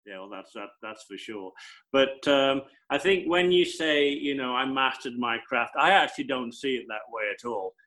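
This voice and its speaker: A man who works as a television presenter, explaining his craft in an emphatic, animated way during an interview. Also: medium pitch, moderate pace, poor audio. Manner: animated, emphatic storytelling with repeated phrases. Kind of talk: conversational interview answers.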